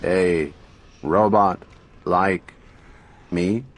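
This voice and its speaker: A man voicing a huge, immobile male talking robot in an audiobook, speaking flatly without intonation. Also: very slow, a little hiss or hum. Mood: flat mechanical. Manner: booming, flat, without intonation.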